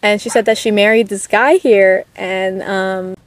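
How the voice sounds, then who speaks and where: A young woman in her late teens, talking casually and softly to the camera at a park, rambling with lots of "like"s and getting emotional. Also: medium pitch, steady tone, a little slow, no echo. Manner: soft-spoken, rambling, emotional, many "like"s. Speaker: vlogger. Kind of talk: casual chat. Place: outdoors at a park. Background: dogs barking at times.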